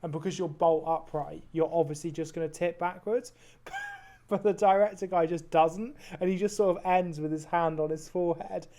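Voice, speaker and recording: A man with a fairly high voice tells rambling anecdotes on a podcast. He peppers them with "like" and casual swearing, easygoing and chatty. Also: steady tone, normal speed, mellow. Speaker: podcast co-host. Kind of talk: casual chat, animated storytelling.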